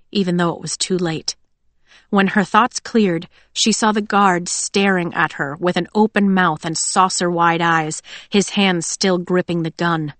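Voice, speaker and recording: Low-voiced woman narrating a story. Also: no room sound. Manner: expressive storytelling. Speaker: audiobook narrator. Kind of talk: scripted narration.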